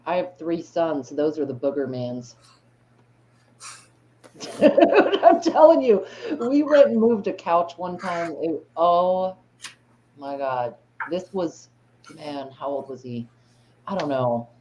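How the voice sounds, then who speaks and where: A woman's voice: sits low, expressive, a little slow, a little mellow. A middle-aged woman chatting on a stream and telling a blunt, crude story for laughs. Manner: blunt, joking, crude humor. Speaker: stream guest. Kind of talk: casual chat. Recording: muffled lo-fi mic, faint noise.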